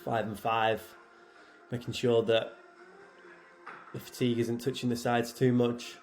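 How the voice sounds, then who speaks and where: An athlete who works as head programmer gives relaxed, filler-heavy commentary over clips of his own training. His voice is mid-range and unhurried, accompanied by soft music in the background.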